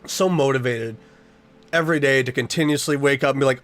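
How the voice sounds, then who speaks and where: A man's voice: mid-range voice, brisk, a bit bright. A young man streaming a casual chat with his viewers, earnest and rambling as he reads their messages aloud.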